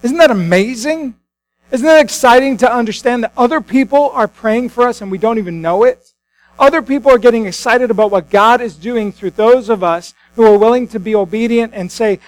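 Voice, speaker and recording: A man's voice: sits high, normal speed, dry recording, poor audio. A man, a pastor, preaching a sermon in a conversational storytelling way with frequent restarts.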